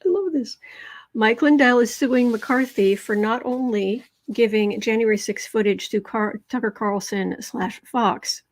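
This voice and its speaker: A woman's voice: a little high, measured pace. A woman hosting a live political tarot reading, chatting with her viewers and reading their comments aloud, with many fillers, restarts and emphatic repetitions. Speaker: tarot livestream host.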